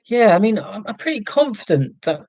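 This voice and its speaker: This man's high voice swings widely in pitch at a fairly quick pace, with a darkish tone and a received pronunciation accent from England. Hosting a casual livestream, he reads and answers chat with plenty of ums; the computer mic gives a dry, rough recording.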